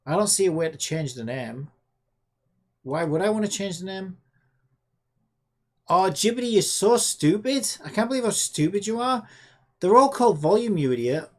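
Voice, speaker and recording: A woman's voice: mid-range voice, expressive, normal speed, pauses often. A woman streaming while she codes a game, chatting casually, exasperated and scolding an AI chatbot with sarcastic swearing. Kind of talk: casual livestream chat while coding.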